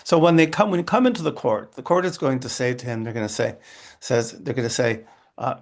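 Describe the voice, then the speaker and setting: A rabbi speaks in a middle-pitched voice with a gravelly edge, teaching in an interfaith conversation. He restarts his phrases often and keeps asking "right?" and "okay?" as he goes. He sounds like he is on a video call. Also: expressive, fairly quick. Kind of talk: interfaith dialogue talk.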